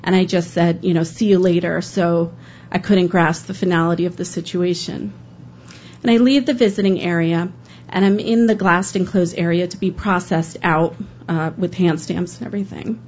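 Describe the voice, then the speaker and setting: A woman's voice: lowish voice, steady tone, normal speed, a little mellow, dull audio, slight background noise. A woman who works as a public defender telling an emotional first-person story to an audience, acting out what others said along the way. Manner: earnest, emotional, quoting others in dialogue.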